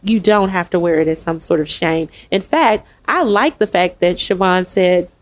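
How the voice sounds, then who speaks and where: A woman hosting a candid online panel talk, speaking earnestly and with animation, with quick asides and laughs, over a video call. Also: fairly low pitch. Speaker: host and summit founder.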